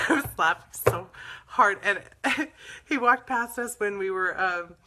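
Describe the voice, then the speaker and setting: A woman's voice: medium pitch, slow pace, noisy background. A woman host telling stories in a casual, chatty way, laughing often as she talks. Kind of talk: casual storytelling chat.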